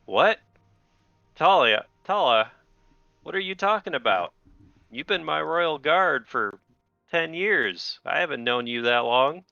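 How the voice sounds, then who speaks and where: A cornered lord, frightened and stammering, his voice jumping up higher when he panics, as a man acts him out. He shouts for his guards in a bright, forceful tone. The recording sounds slightly dull and dry. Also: normal speed, clear, resonant tone, dry recording. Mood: shocked.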